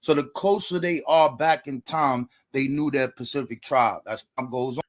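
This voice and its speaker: A man's voice: medium pitch, normal speed. A man giving a debate opening statement, lecturing and asking rhetorical questions.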